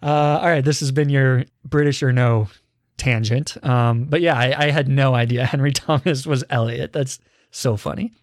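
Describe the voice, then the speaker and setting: A man's voice: medium pitch, fairly even intonation, moderate pace, no echo, clean studio sound. A man in his twenties chatting casually as a podcast host, running a quiz game with his co-host. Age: 20s. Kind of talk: casual chat.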